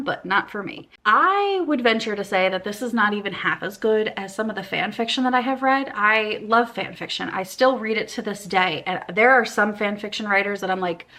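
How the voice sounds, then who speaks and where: A woman's voice: medium pitch, sharp tone. A woman reviewing books in a casual vlog, chatty and sarcastic, often laughing and dropping to a mutter for asides. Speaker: book reviewer.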